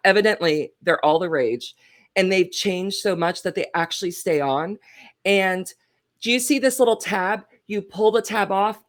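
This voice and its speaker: A woman co-hosting a women's Bible study livestream, chatting casually and teasing her co-host in a playful, talkative way. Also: on the low side.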